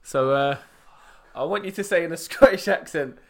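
A man's voice: fairly high pitch, normal speed. A man hosting a casual podcast, upbeat and laughing as he prompts his guests with questions. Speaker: podcast host.

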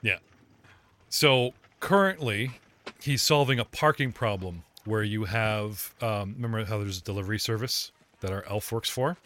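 A man's voice: lowish voice, normal speed, pushed and bright. A man running a tabletop game as game master, joking with players and narrating scenes. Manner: jokey, puts on many character voices.

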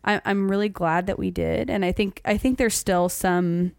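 A woman's voice: mid-range voice, normal speed, creaky, clear, resonant tone, dry recording, studio quality. A young woman in casual podcast chat, earnest, repeating words for emphasis.

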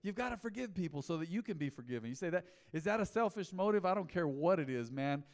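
A middle-aged male pastor preaching a sermon, swinging from soft pleading to loud calls that get the congregation repeating after him. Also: high-pitched, fast. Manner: animated preaching, rising and falling dynamics, calls to the congregation. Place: large church hall. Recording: long hall reverb.

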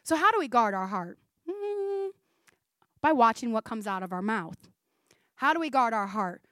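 A woman in her forties preaching a sermon to her church. She talks fast and chatty, with frequent laughs. Her voice sits high and bright, and the recording is dry and close. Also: sing-song, no room sound. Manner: fast, chatty, laughing often, says 'like' a lot.

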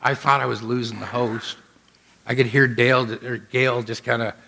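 A man's voice: medium pitch, moderate pace, gravelly. Man preaching in a storytelling sermon. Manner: lively storyteller who acts out the people he quotes. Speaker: pastor.

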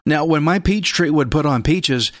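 A man preaching a sermon with emphatic delivery, repeating key phrases and breaking into sudden loud bursts. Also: on the high side, moderate pace, no echo, studio quality.

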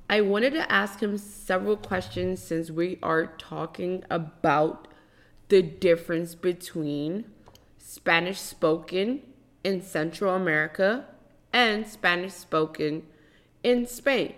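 A woman hosting a podcast, speaking slowly and deliberately with pauses and restarts. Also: on the low side. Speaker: podcast host.

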